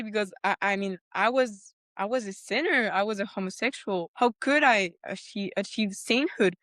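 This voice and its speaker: A woman guest on a podcast telling her personal story earnestly, breaking into animated retellings and laughter. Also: mid-range voice, moderate pace, hardly any pauses, no room sound, clean studio sound. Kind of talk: personal testimony in a conversation.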